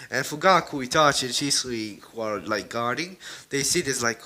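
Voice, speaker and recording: A man's voice: mid-range voice, lively intonation, normal speed, sharp tone, poor audio. A man casually retelling a fan story, rambling with fillers and asides.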